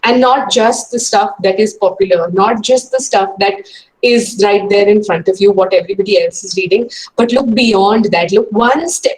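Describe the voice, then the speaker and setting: A woman's voice: medium pitch, a little mellow, poor audio. A woman giving an earnest, encouraging webinar talk to students over a video call, with many hesitations. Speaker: guest speaker.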